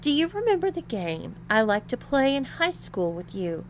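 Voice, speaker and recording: A woman voicing a mean young woman with a husky voice who taunts and mocks. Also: fairly high pitch, very animated, moderate pace, slight background noise, voice pushed up. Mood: taunting. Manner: mocking, teasing.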